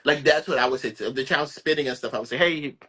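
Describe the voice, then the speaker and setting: Man, podcast co-host. Bright tone, earnest, quick to laugh. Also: medium pitch, husky. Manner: earnest, laughs easily, lays out scenarios. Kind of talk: casual chat.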